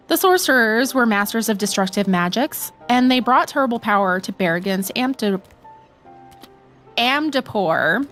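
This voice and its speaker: A woman's voice: mid-range voice, a bit bright. A woman voicing a game character who narrates an ancient tale, reading the dialogue aloud in a plain way.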